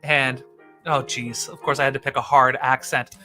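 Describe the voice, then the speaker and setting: A man's voice: medium pitch, little pitch movement, moderate pace, bright, forceful tone, soft background music. A man hosting a comedy stream, chatting casually to camera in a rambling, self-mocking way and laughing often.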